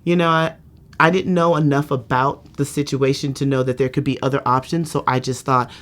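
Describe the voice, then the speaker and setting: A woman speaks in a candid patient-testimonial interview. Her delivery is chatty and lively. She fills her sentences with "you know" and slips into the voices of the people she quotes. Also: extremely low pitch, brisk. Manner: lively, acts out quoted speech.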